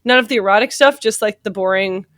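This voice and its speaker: A woman's voice: medium pitch, quick pace, a bit bright, no echo, clean studio sound. A woman on a comedy podcast panel, reading fan fiction aloud in a giggly, mock-dramatic way.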